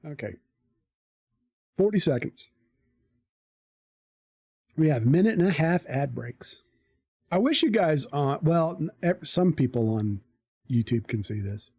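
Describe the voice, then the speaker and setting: A live streamer tells a story to their chat in an unhurried, drawn-out way, and the voice sits dark and mellow. The talk is blunt and salted with profanity, easygoing but frank. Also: mid-range voice, expressive, husky, no echo, studio quality. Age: adult parent.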